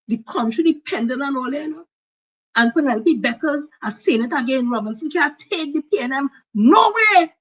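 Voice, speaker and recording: A woman's voice: high-pitched, highs cut off. An older woman with a Trinidadian accent, hosting blunt, heated political commentary. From Trinidad and Tobago. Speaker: host.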